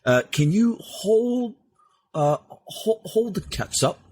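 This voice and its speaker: A man putting on a goofy, high-pitched voice of a fast-food drive-through customer, halting and exaggerated. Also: big pitch swings, a little mellow, husky, heavily acted.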